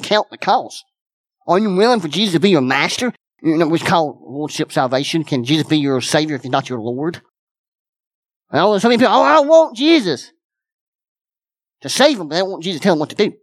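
A man's voice: fairly high pitch, lively intonation, fast, dry recording. A man preaching a sermon as pastor, folksy and repetitive, with many restarts.

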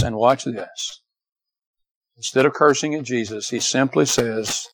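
An older man preaching a sermon as pastor, swinging from loud emphatic peaks down to quiet, low passages and repeating rhetorical questions to the congregation. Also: normal speed, no echo, poor audio. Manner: repeats "Can I tell you" and asks for amens.

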